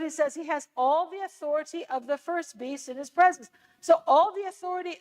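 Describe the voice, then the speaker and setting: An American woman with a high voice teaches an adult church class. She explains in a relaxed, conversational way and drops in casual asides as she goes. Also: low-quality recording. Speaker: lecturer on scripture. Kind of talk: church adult-education lecture.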